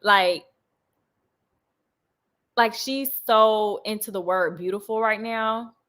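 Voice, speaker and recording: A young woman chats casually with her livestream viewers, reading and answering comments as they arrive, her loose talk often broken by laughter. Her voice sits at an ordinary middle pitch, fairly bright and steady, and she takes it slowly.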